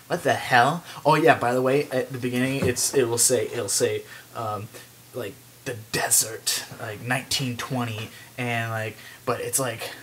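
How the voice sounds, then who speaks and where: A young man rambling through a movie pitch, full of "like" and restarts, now and then breaking into silly voices. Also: fairly even intonation, unhurried, a bit bright, slight background noise. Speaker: vlogger pitching a movie idea. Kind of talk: rambling comic monologue.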